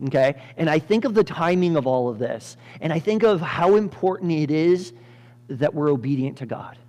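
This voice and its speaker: Animated man preaching with a high, lively voice. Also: normal speed. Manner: animated, acts out characters with sudden loud jumps, laughs often. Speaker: pastor. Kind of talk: lively storytelling sermon. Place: church.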